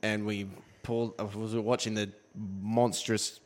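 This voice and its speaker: Low-voiced Australian man joking around. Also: flat delivery, unhurried. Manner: joking banter, crude jokes. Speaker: podcast co-host. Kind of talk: casual chat.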